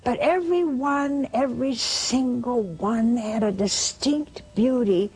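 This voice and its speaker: A woman retelling a saint's dream vision in slow, expressive storytelling, sinking soft and low for the hushed parts. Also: slightly rough. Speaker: religious storyteller.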